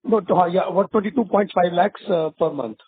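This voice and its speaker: A man with an Indian accent from company management, answering analysts quickly on an earnings call. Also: high voice, husky, dry recording. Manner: quick, repeats "yeah". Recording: tinny phone line.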